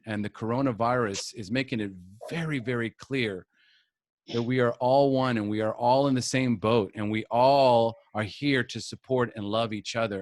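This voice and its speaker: Middle-aged man, recovery coach, earnest, emphatic, repeats phrases, mid pitch, dry sound. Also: fairly even intonation, moderate pace, no echo. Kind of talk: live group coaching session.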